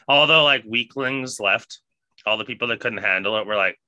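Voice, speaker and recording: A man casually telling a profane, animated party story with bursts of laughter. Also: mid-range voice, moderate pace, no echo, dull audio.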